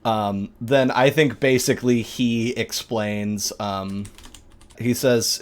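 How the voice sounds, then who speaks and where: A man narrating a tabletop game as game master, relaxed and often pausing on fillers. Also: mid-range voice.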